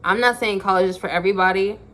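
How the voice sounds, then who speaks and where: A woman's voice: mid-range voice, fast talker, fairly bright tone. Emphatic woman talking to camera. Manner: emphatic, repeats lines for effect. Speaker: vlogger. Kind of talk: casual talk to camera.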